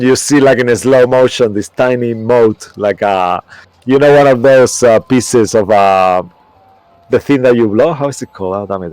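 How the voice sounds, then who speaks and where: A man's voice: medium pitch, darkish tone, dry recording. A man running a tabletop game as game master, narrating in a rambling way and searching for words.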